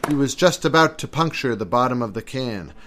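A man narrating a scripted suspense story in a measured way, over faint music. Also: mid-range voice, animated, sharp tone, a little hiss or hum.

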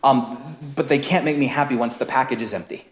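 Chatty pastor in a roomy church. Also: male voice, mid-range voice, brisk. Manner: conversational, self-deprecating, many fillers and asides. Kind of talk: sermon. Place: church sanctuary.

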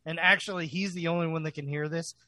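A man co-hosting a podcast, joking in casual banter with quick agreeing asides. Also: on the high side, fairly even intonation, bright, forceful tone, no room sound. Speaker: podcast co-host.

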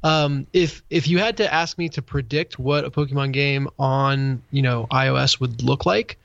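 A man's voice: medium pitch, fairly even intonation, moderate pace, creaky, fairly bright tone, no echo, lo-fi sound. A man co-hosting a casual tech podcast, rambling through explanations with many fillers. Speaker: podcast co-host.

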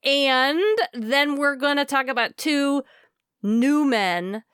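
A woman from Texas co-hosting a casual podcast, upbeat and brisk, recorded in a closet at home. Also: high voice, a bit bright, dry recording, studio quality. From Texas, USA. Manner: upbeat, brisk, reads listener reviews aloud. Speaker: podcast co-host. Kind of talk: casual chat.

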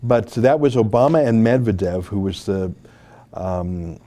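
Man, studio host, dark mellow tone, argues his points hard, lots of "uh" and restarts. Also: on the low side, lively intonation, measured pace. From Alberta, Canada. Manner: emphatic, argumentative, with frequent fillers and restarts. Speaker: political commentary host. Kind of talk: opinionated commentary.

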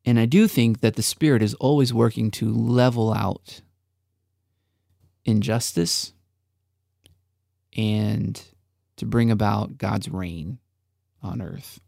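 A man's voice: fairly low pitch, fairly even intonation, takes it slowly, creaky, pauses often, dark tone, no echo, clean studio sound. A man co-hosting a faith podcast, talking earnestly with a preacher's emphasis on his points. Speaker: podcast co-host. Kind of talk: reflective faith podcast talk.

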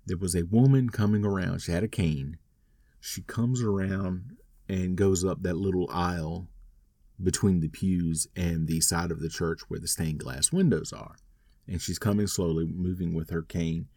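A man's voice: low-pitched, mellow, dry recording, clean studio sound. A man telling a rambling, wry personal story in a casual monologue. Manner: rambling, wry, self-deprecating.

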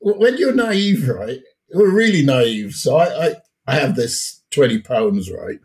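A middle-aged man with a Jamaican accent mixed with British, telling stories as a guest in a casual conversation, relaxed and often laughing. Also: mid-range voice, a little slow. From Jamaica and England. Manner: relaxed, laughs often, repeats words as he restarts. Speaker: podcast guest.

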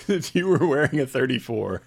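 Male podcast co-host with a wry, joking delivery and a lively pitch swing. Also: moderate pace, gravelly. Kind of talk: casual chat.

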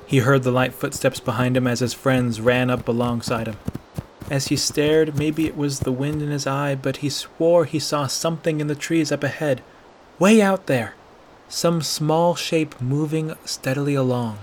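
A man reading a fantasy fan fiction chapter aloud with steady, expressive narration. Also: mid-range voice, normal speed, a little hiss or hum.

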